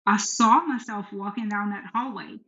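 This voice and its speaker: Speaking at a moderate pace with a medium pitch and sharp tone, a middle-aged woman shares a frank, earnest personal account of her faith as a podcast guest, captured in a dull, echoey room.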